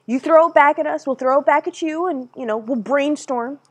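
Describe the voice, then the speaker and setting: A woman co-hosting a casual stream. She rambles in an animated way, swears freely and laughs often. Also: sits high, brisk. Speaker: streamer co-host.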